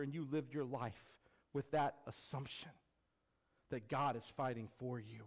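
A man preaching a sermon as a pastor, building to emphatic peaks and then dropping low and quiet. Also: fairly even intonation, unhurried, creaky. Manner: acts out quoted voices with jokey flair.

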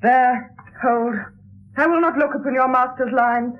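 A woman's voice: high voice, measured pace. An actress playing a proud yet compassionate young noble lady, speaking verse with dignity and firmness in an old radio play. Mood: dignified. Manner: dignified, firm, stately delivery. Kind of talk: 1960s radio drama verse acting. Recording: tinny lo-fi 1960s radio broadcast.

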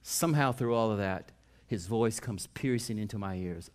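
A male pastor preaching a sermon in a folksy, conversational way, rising to loud emphatic passages and dropping to quiet personal storytelling. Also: lowish voice, moderate pace.

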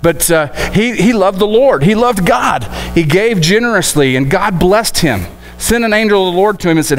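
A man preaching a sermon in a folksy, animated way, often voicing the people in his stories. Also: high voice, moderate pace, low-quality recording. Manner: folksy, animated, acts out quoted voices.

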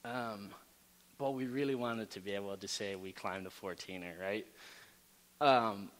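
A man telling a story in a casual, animated way to a campus gathering, with lots of fillers and asides. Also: fairly low pitch, unhurried. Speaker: campus ministry speaker. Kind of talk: storytelling sermon talk. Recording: reverberant hall.

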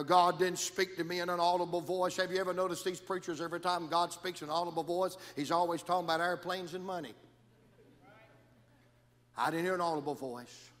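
A man preaching a sermon in a church, with dramatic, repetitive cadences that move between hushed and shouted lines. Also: fairly high pitch. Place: church sanctuary. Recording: long church reverb.

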